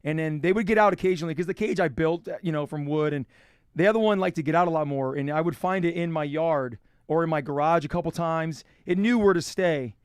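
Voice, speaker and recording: Man, fast easygoing talk, smooth clear voice, dry close mic. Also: a little high, no room sound. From Florida. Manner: quick, easygoing, explains with restarts. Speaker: guest, reptile keeper. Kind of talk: casual chat.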